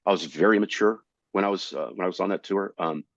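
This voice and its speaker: Middle-aged male comedian, low voice, dry and slightly dull recording, animated storyteller. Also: fast talker, vocal fry, no echo. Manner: animated, jumps into high voices to act out quotes. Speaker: comedian guest. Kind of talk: storytelling in a casual interview.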